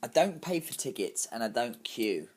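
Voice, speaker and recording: A man's voice: medium pitch, very animated, normal speed, slightly rough. An actor playing a brash, bragging male club promoter, in a comic character monologue full of fillers. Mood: cocky. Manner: cocky, bragging, full of "you know" fillers.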